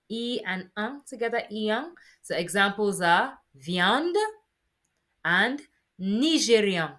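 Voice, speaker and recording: A woman teaching French sounds in a patient, encouraging lesson, modelling each sound slowly. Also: mid-range voice, pushed and bright. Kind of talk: spoken lesson on pronunciation.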